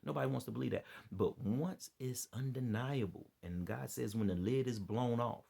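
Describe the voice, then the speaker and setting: A worn-out, dead-tired man with a creaky, mellow, husky voice of medium pitch speaks at normal speed. He's an online preacher and commentator giving impassioned, unscripted vlog commentary that rambles and preaches, repeating himself and appealing to his listeners.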